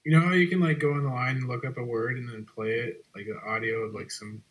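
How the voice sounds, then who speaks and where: A man's voice: mid-range voice, steady tone, fast, rough recording. A man joining a casual online hangout as a guest, laid-back, filling his talk with likes and trailing off. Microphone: video call.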